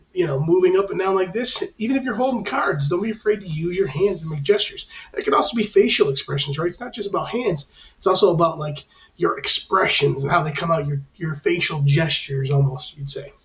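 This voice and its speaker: A man's voice: high-pitched, lively intonation, brisk, a bit bright. A male teacher giving instructions to his class on camera in a reassuring, conversational way. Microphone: camera facing the speaker. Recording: dull, lo-fi, mic at a distance.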